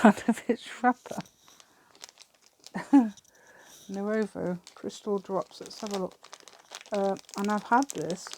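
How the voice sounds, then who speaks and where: A woman's voice: mid-range voice, creaky, a little mellow, slight background noise. A British woman hosting a craft channel, chatting through a crafting demonstration and rambling to herself with giggly asides.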